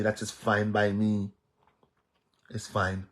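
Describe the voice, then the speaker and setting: A man's voice: lowish voice, fairly even intonation, moderate pace, breathy edge. A man with a Jamaican accent talking straight to his viewers in a casual monologue, emphatic and repetitive, standing firm on his opinions. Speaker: social media commentator.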